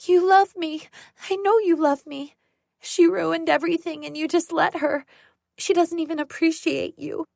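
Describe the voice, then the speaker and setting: A woman reader voicing an unstable, obsessive young woman who pleads in a high, wailing voice. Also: unhurried, gravelly, a little mellow, husky, no echo, studio quality. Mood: desperate pleading. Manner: high pleading wail breaking into begging.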